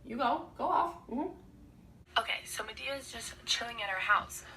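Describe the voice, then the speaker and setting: Young woman, comedic play recap, sarcastic, slangy, bright voice, distant mic, faint hiss. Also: on the high side, expressive, fairly quick. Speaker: student summarizing a play. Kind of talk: comedic casual retelling.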